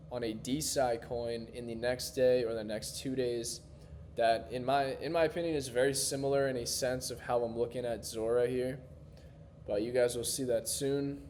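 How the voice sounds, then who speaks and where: A man hosting his own crypto video, talking loosely in a casual explainer monologue, often restarting his phrases, his voice a little hoarse. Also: mid-range voice, darkish tone, slight background noise. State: slightly hoarse.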